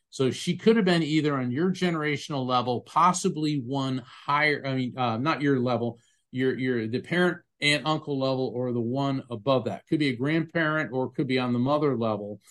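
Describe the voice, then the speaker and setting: A man's voice: medium pitch, a bit bright. A man who works as a psychic medium and was once an attorney, telling stories earnestly and emphatically in a conversational interview. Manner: earnest, emphatic, describes sensations vividly.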